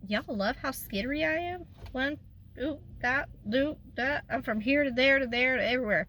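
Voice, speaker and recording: A woman's voice: on the high side, animated, moderate pace, sharp tone, slight background noise. A woman, talking in a rambling, emotional way in a casual personal vlog, tearful at times. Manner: rambling and emotional, trails off and restarts. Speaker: vlogger.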